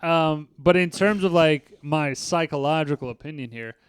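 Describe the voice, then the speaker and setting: Man, blunt joking co-host who swears; a bit high-pitched, smooth clear voice, dry close sound. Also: moderate pace, no echo. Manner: blunt, swears often, jokey boasting. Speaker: podcast co-host. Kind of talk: casual chat.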